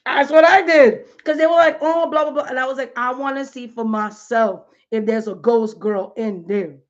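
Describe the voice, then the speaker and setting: A chatty woman in her thirties talks casually from home on a live stream, slangy and full of "like" and "you know". Her voice sits a little high. The stream audio is dull and lo-fi. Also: normal speed. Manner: chatty, animated, slangy with many fillers.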